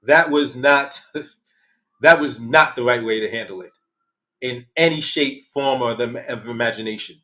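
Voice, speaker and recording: A man's voice: mid-range voice, moderate pace. Man, channel host, casual livestream talk, slangy, candid, mid-range voice. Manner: candid, animated, uses slang and swears.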